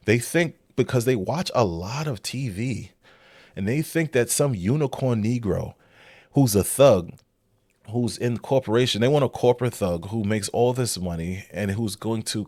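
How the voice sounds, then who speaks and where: A man's voice: fairly low pitch, animated, moderate pace, a little mellow, dry recording. A man giving blunt, incredulous commentary while reacting to a clip, his voice jumping up in disbelief. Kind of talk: casual commentary.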